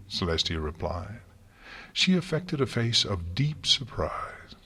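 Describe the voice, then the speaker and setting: A man narrating an audiobook in a measured, reflective way. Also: low voice, lively intonation, sharp tone, breathy edge.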